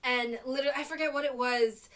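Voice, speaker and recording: A woman's voice: high-pitched, steady tone, fast, fairly bright tone. A young adult woman co-hosting a casual chat, agreeable and chatty, acting out kids' voices in her stories. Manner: agreeable, chatty, acts out quotes. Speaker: podcast co-host.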